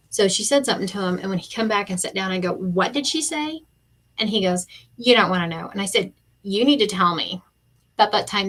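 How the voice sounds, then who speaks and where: A middle-aged woman, chatting casually and acting out quotes while crafting on a live stream. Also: medium pitch. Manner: animated storyteller, acts out quotes.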